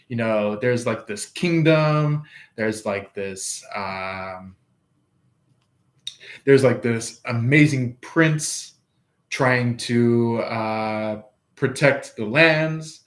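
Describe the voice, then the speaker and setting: A man rambles through a tarot reading with chuckles and little acted-out asides. He talks slowly at a middle pitch. His voice has a roomy echo around it. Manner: rambling, chuckling, acts out quoted lines. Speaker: tarot reader. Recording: echoey room.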